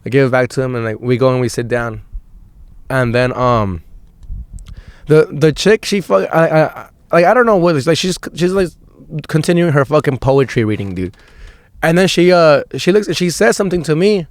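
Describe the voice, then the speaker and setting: A man's voice: fairly high pitch, moderate pace, no echo. A young man hosting a podcast, telling a long story in a rambling, profane way, full of restarts and fillers. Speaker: podcast host. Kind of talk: casual storytelling monologue.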